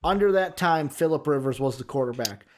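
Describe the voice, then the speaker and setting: A man with a Chicago accent chats casually as a sports podcast co-host. His voice sits slightly high, and he rambles through his thoughts with "uh" and "um" as he works out his points. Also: expressive, fairly quick, slight background noise. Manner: rambling, thinking aloud with fillers.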